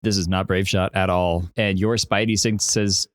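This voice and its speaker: A man narrating a tabletop game as game master on a podcast, telling the scene in a descriptive, animated way. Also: low voice, measured pace, no room sound, studio quality.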